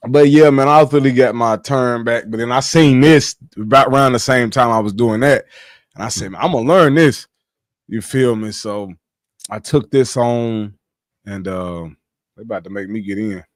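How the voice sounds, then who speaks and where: A man on a casual livestream, telling his life story in animated slang, swearing freely. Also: mid-range voice, normal speed, no room sound, studio quality.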